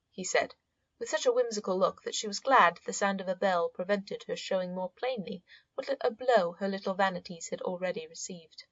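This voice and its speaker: A woman narrating a storybook in a measured, expressive reading. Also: medium pitch. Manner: measured and expressive, voices the uncle in quotes. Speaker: audiobook narrator. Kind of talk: scripted narration. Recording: dull, muffled audio.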